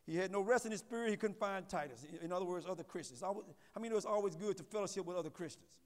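High-voiced preacher in an echoing hall. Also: male voice, very fast. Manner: call-and-response preaching, repeats words, rising to loud emphasis. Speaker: pastor. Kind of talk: sermon. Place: church sanctuary. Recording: long reverb of a church hall.

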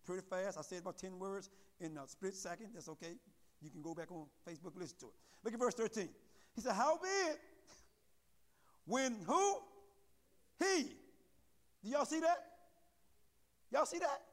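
Preacher guy, really high voice, reads verses slow and punchy, big echoey church sound. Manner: reads scripture slowly and emphatically, checks in with the congregation. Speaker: pastor. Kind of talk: sermon.

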